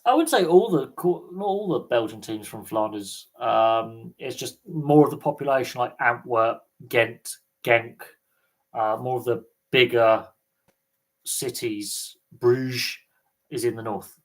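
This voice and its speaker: A man's voice: mid-range voice, measured pace. A man from Britain hosting a live sports Q&A stream, chatting casually and rambling with lots of ums and uhs. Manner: rambling, chatty, many fillers. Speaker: livestream host.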